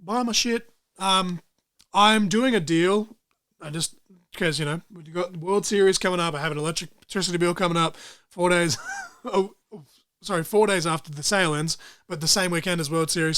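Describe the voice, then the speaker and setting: A young man co-hosting a casual podcast, talking in an excitable, rambling way and swearing freely. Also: a little high. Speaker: podcast co-host.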